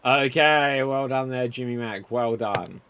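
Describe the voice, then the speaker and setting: A man hosting an improv comedy show, setting up scenes in a brisk, laughing way. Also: mid-range voice, fairly bright tone, clear, resonant tone.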